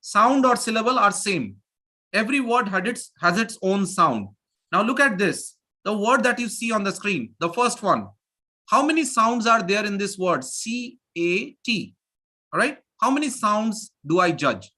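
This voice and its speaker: A man teaching pronunciation to a live online class over a video call. His voice is bright and sharp, and his pitch swings widely as he repeats phrases with energy to drill the students. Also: big pitch swings, measured pace.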